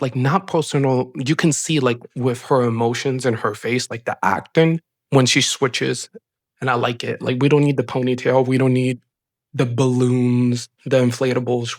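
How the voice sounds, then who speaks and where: An excitable man runs through a recap at a middling pitch, rambling along and leaning on "like" between thoughts. His voice is close and dry, with no room sound around it. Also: dry recording. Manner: chatty, excited, rambling with many "like" fillers. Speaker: show host. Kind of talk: casual wrestling episode recap.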